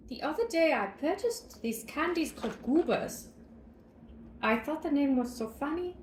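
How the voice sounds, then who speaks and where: A woman's voice: high-pitched, lively intonation, normal speed. A young woman chatting playfully while she bakes in her kitchen, often dropping into a whisper. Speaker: book vlogger. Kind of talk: casual chat while baking. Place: home kitchen. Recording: echoey kitchen.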